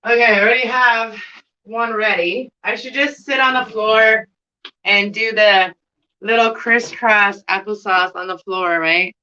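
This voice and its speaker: A middle-aged woman with a Canadian accent talks to her camera in a loose, rambling way and breaks into giggles. Her voice is bright and forward. The recording sounds dull and lo-fi. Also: mid-range voice, steady tone, unhurried. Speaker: plant vlogger. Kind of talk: casual chat to camera.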